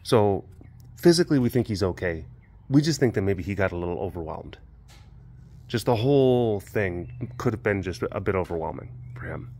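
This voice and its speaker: A man, an animal keeper vlogging outdoors by the enclosures, chatting in a rambling, excitable way with lots of fillers. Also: on the low side, normal speed. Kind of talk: casual vlog chat.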